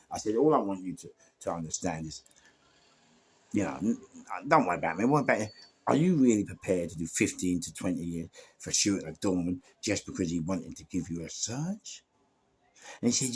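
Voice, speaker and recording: A man's voice: low voice, fairly quick, creaky, husky. A man with a London accent telling rambling stories about doing door security, full of restarts and asides. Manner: rambling, many restarts and fillers, animated asides. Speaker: podcast guest storyteller. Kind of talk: casual storytelling.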